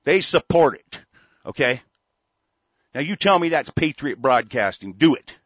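A man's voice: a little high, big pitch swings, unhurried, a bit bright, breathy edge, no echo. A man hosting a radio show, delivering an angry, profane political rant full of stammered restarts. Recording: dull lo-fi dry recording.

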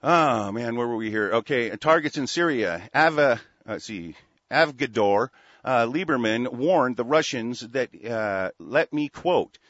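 A man's voice: mid-range voice, expressive, moderate pace, a bit bright, dry recording. A man hosting a radio show, delivering an angry, profane political rant full of stammered restarts. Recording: dull lo-fi dry recording.

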